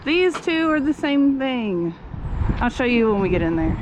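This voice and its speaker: A woman's voice: on the high side, big pitch swings, normal speed, very noisy. A woman giving a casual, upbeat walking tour of an empty commercial unit, thinking aloud as she goes. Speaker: vlogger and game lounge owner.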